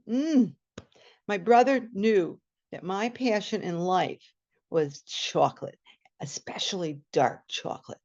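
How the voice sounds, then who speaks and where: A woman telling a personal story at a storytelling event, animated and acting out the scene, over a video call. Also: mid-range voice, slow pace. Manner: animated, laughing, acts out the scene. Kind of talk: personal story told live. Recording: muffled video-call audio.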